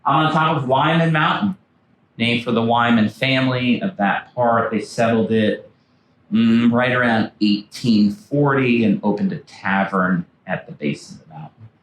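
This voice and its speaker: A man's voice: mid-range voice, unhurried, slight background noise. A man, an author and former backcountry ranger, giving a storytelling slide talk in a library and acting out quoted historical figures. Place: library meeting room. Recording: echoey room from afar.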